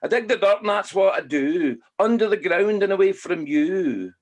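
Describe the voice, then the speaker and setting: A man's voice: high voice, animated, moderate pace, pitched above the performer's own voice. A man voicing a self-pitying male worm with a Scottish accent, reciting a rhyming poem. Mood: rueful, comic. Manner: sing-song rhyming recital.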